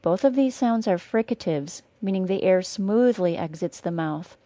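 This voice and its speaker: A young woman from northern Wisconsin with a General American accent, teaching a pronunciation podcast lesson and slowing down to model each sound carefully. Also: medium pitch, expressive, dark tone, no room sound.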